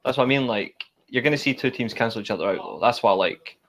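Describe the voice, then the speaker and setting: A man's voice: mid-range voice, fast, fairly bright tone, slight background noise. A man, co-hosting a football watchalong and talking casually, rambling through his opinionated analysis with restarts. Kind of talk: casual live-stream chat.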